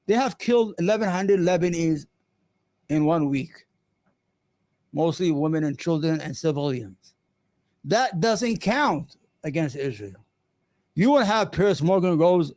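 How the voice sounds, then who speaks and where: A man hosting an opinionated live commentary stream, impassioned and sarcastic, often halting on fillers and restarts. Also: a little high, darkish tone, no room sound. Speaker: livestream host.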